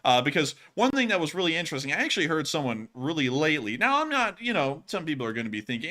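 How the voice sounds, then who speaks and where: Animated man hosting a stream. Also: fairly high pitch, quick pace, hardly any pauses. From Lower Alabama, US. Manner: animated, joking, rambling. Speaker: news stream host. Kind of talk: casual live-stream banter.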